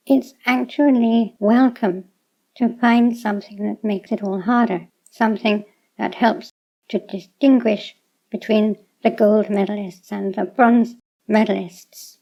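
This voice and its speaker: A woman explaining Japanese pitch accent to learners in a measured, reasoned way. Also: steady tone, vocal fry. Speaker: language teacher. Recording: dull lo-fi sound.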